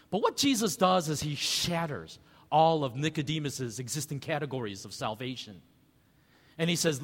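A male pastor preaching in a conversational, animated way, tossing out rhetorical questions. His voice sits fairly high for a man and moves with a lively rise and fall. A long reverb trails behind him, as in a large hall. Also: measured pace, long pauses. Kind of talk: sermon.

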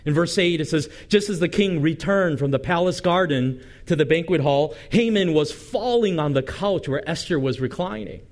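A male pastor preaching a sermon, reading scripture dramatically and telling the story with lively asides and light humor. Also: on the high side, normal speed, few pauses.

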